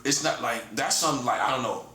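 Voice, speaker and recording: A man's voice: medium pitch, fast, pushed and bright. A man in his forties with a defiant, taunting manner, talking in a solo monologue and repeatedly addressing his listener as "buddy.". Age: 40s. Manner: taunting and repetitive, keeps saying "listen, buddy"; defiant, chuckles between points. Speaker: self-styled prophet streamer. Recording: roomy echo with faint room noise.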